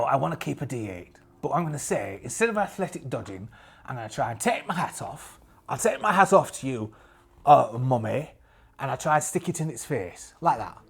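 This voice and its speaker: Lively, husky man narrating a solo game. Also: mid-range voice. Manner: chatty, jokey, talks to himself while rolling dice. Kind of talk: in-character actual-play narration.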